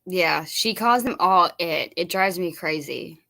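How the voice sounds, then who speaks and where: A woman's voice: on the low side, a little slow, vocal fry, pushed and bright. A woman commentating casually on someone else's stream in a chatty, exasperated way.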